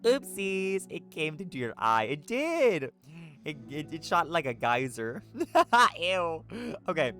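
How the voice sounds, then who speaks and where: During a live playthrough, a game streamer reads a story's narration aloud at a slow pace and medium pitch. Excitable and profane, he keeps breaking into laughter and running commentary.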